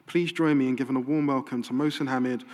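A man's voice: mid-range voice, fairly even intonation, fast talker, darkish tone. A man introducing speakers at a live event, reading a formal scripted introduction in a list-like way. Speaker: event host. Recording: reverberant hall mic.

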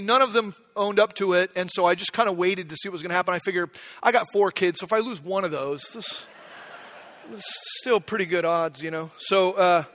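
A middle-aged man preaching a sermon, telling stories about himself with humor and swinging between quiet reflection and loud outbursts. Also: high voice. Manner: storytelling, self-deprecating, swings from quiet to shouting. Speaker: pastor. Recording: long hall reverb.

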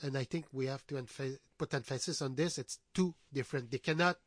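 A man's voice: mid-range voice, brisk, no room sound, clean studio sound. A man speaking as a panelist on a talk show, repeating his point with emphasis.

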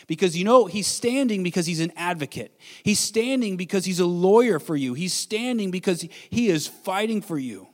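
An earnest male pastor preaches a sermon with a somewhat high voice for a man. He swings between bold, raised lines and near-whispered hushes. His words ring out with long reverb in a church hall. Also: lively intonation, normal speed, hardly any pauses. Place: church sanctuary.

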